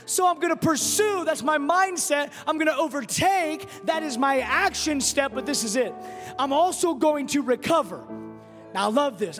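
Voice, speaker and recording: A male pastor with a strikingly high voice preaches with rising fervor, pressing and sometimes shouting. His voice rings through a large reverberant hall. Music plays clearly beneath him. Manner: impassioned, builds to shouting. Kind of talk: sermon.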